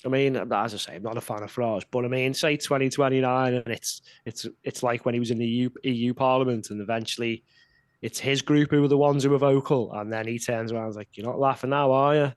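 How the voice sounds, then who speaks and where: A man's voice: medium pitch, steady tone, fast talker, no room sound. Blunt ranting man. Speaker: podcast co-host. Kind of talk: casual political chat.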